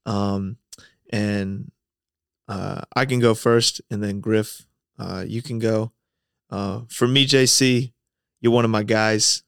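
A man's voice: on the low side, slow, creaky, long pauses, clear, resonant tone, dry recording, clean studio sound. A man in his twenties co-hosting a podcast, chatting casually and telling stories with easy laughs. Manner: relaxed, laughing storyteller. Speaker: podcast co-host. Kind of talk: casual chat.

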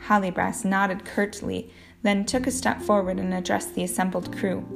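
A woman's voice: medium pitch, flat delivery, gravelly. Woman reading a novel over guitar. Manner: plain, measured reading with small slips and restarts. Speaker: audiobook reader. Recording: guitar music playing underneath.

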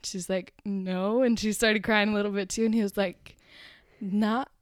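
A young woman chatting casually as a podcast guest, telling a family story with animated acted-out quotes. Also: mid-range voice, moderate pace, clear, resonant tone, no echo, studio quality. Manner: animated storyteller who acts out family members' lines. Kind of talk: casual chat.

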